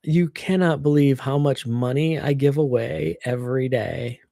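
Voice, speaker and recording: A woman streaming from her computer, chatting casually and venting with frank, freely sworn complaints. Her voice is warm and mellow, picked up dry and close by a computer microphone. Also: extremely low pitch, moderate pace, vocal fry, no echo. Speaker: livestreamer. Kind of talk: casual livestream chat.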